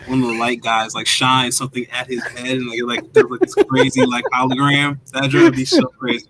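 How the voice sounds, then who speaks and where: A man with a New York accent, a violinist guest chatting casually in an interview, animated and laughing often, with many "like" fillers. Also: mid-range voice, fairly quick, noisy background. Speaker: guest, violinist and music producer.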